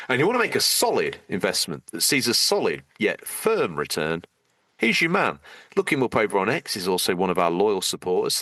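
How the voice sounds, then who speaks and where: Guy on a podcast, low-ish bright voice, dry close mic, jokey rambling thank-yous. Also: no room sound. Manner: playful, teasing, rambling with jokey asides. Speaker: podcast co-host. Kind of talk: casual banter, reading out supporter thanks.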